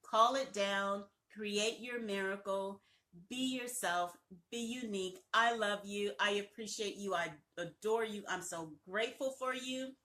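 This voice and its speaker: Bright, emphatic motivational woman coach. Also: mid-range voice, measured pace. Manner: emphatic, repetitive, encouraging. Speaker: branding coach. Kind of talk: live-stream motivational talk.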